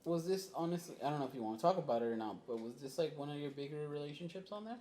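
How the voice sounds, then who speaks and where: A man's voice: a little high, rapid-fire, a little hiss or hum. A man co-hosting a podcast, chatting casually and acting out what others said. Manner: animated storyteller, acts out quotes. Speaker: podcast co-host. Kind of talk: casual chat.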